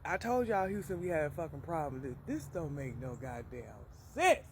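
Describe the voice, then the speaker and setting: A man's voice: on the high side, sing-song, normal speed, slight background noise. A man from Michigan talking to his viewers in a loose, rambling way. He strings puns together, swears a lot, and keeps asking "you hear me?". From Battle Creek, Michigan. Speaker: vlogger. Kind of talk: rambling off-the-cuff monologue.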